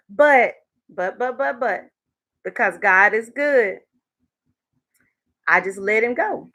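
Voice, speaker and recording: A woman's voice: on the high side, expressive, takes it slowly, long pauses, sharp tone. A woman hosting her first YouTube live stream, chatting casually with viewers and laughing often.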